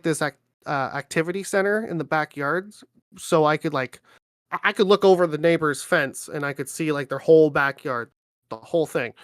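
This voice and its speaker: Dry-sounding animated woman telling stories. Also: fairly low pitch, no room sound. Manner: animated, laughs often, lots of "like". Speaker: podcast host. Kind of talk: casual storytelling chat.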